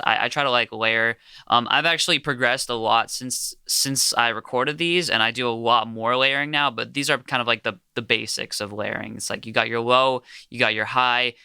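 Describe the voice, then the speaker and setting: A man's voice: medium pitch, creaky, bright, forceful tone, clear, resonant tone, no room sound, clean studio sound. A young man casually walking through how he produced a song, with lots of filler words. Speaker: music producer. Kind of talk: casual studio walkthrough.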